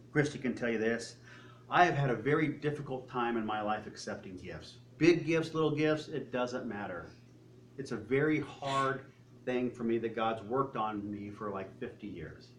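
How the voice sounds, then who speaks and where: A man's voice: medium pitch, moderate pace, slight background noise. An older man preaching a sermon in a conversational way, acting out little dialogues with God and the congregation. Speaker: pastor.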